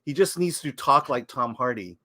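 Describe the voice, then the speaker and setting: A man's voice: mid-range voice, expressive, moderate pace, bright, forceful tone, no room sound. A man co-hosting a casual livestream film review from a remote call, laid-back and agreeable, laughing often. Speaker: film critic co-host. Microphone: remote call mic, lagging.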